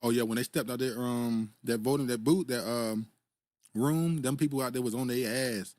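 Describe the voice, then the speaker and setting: A man's voice: medium pitch, moderate pace, a little mellow, no room sound. A man hosting a casual political commentary stream, laughing often as he reads viewer comments aloud. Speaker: host reading live chat.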